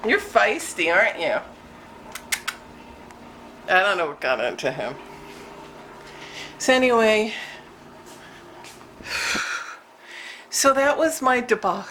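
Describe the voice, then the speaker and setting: A woman chatting to the camera about her morning, animated and a bit breathless, her voice jumping high when she scolds her cat. Her pitch sits in the middle for a woman, with a faint hum of noise behind her. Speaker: vlogger. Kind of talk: casual chatty storytelling to camera.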